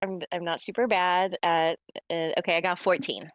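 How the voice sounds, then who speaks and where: A woman's voice: fairly low pitch, fairly even intonation, moderate pace, no echo. A woman playing in a tabletop game, chatting casually with playful quips. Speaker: player.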